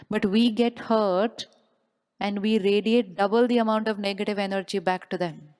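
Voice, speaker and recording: A woman's voice: medium pitch, a little mellow. Woman speaker, motivational stage talk, keeps quizzing the crowd and repeating the line. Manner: asks the audience questions and repeats them. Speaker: spiritual speaker. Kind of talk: motivational talk to a live audience.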